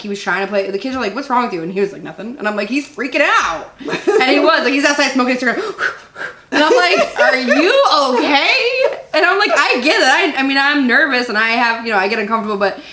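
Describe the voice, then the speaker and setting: A middle-aged woman co-hosting a casual chat show, telling stories animatedly and acting out quotes. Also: a little high. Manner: animated storyteller, acts out quotes. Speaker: podcast co-host. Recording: echoey room.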